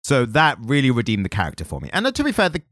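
A man's voice: mid-range voice, very fast, dry recording, studio quality. A man co-hosting a comics podcast, chatting casually and acting out lines from the comics. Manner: animated, acts out quotes from the comics. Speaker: podcast co-host. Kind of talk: casual chat about comics.

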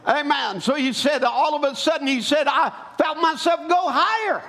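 A man preaching a sermon, rising from calm storytelling into loud, fervent exhortation. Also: very high-pitched, normal speed. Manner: building to shouted exhortation.

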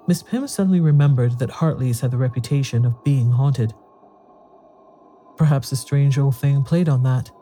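A man with a very dark, mellow voice reading a ghost story aloud. His telling is measured and even, at a middle pitch for a man. It has the steady feel of scripted storybook narration. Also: soft background music.

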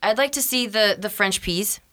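A woman co-hosting a casual podcast, playful and quick to laugh. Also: medium pitch, fairly bright tone. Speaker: podcast co-host. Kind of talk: casual chat.

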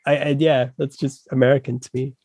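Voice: mid-range voice, little pitch movement, fairly quick, a little mellow, no room sound. Laughing podcast player, dry mic. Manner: laughing, self-mocking. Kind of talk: casual chat.

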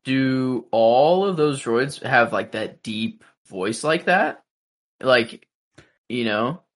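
Young man musing aloud, bright voice. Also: medium pitch, animated, takes it slowly. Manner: speculative, thinks aloud with hesitations. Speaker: podcast co-host. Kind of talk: casual chat.

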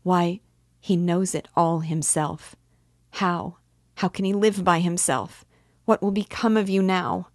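A young, devout woman in anguish, her pleas rising high and loud above the narration. A woman reader acts her out in a close, dry recording, voice low and unhurried at its base. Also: steady tone, dry recording. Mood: anguished pleading. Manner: pleading, emotional outbursts.

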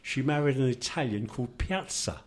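An older man speaks with a broad London accent, chatty and full of wry jokes. He wanders through long anecdotes in a relaxed, conversational way, at an even, middling pitch. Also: normal speed. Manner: chatty, joking, rambling anecdotes. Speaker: discussion participant. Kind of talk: casual group conversation.

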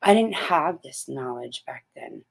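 Slow-talking middle-aged woman giving a pep talk. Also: rumbling low, lively intonation, gravelly, slightly rough. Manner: emphatic and repetitive, preachy pep talk. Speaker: motivational host. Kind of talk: motivational vlog talk.

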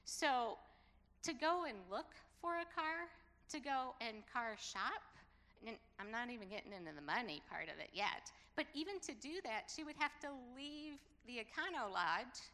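A middle-aged woman telling a personal story in a sermon, acting out the dialogue with lively emphasis. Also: a little high, normal speed. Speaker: preacher. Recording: long hall reverb.

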